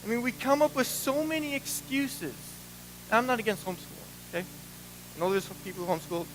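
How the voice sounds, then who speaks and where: A man preaching a sermon as pastor, animated and acting out the voices he quotes. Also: very high voice, brisk, a little hiss or hum, poor audio.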